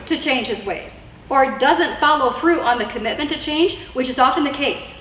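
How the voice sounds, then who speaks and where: Woman, fairly high voice, chatty marriage advice talk, echoey room, distant mic, faint hiss. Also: moderate pace, fairly bright tone. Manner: chatty and earnest, many fillers and repeated words. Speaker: marriage advice speaker for wives. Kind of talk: casual instructional talk.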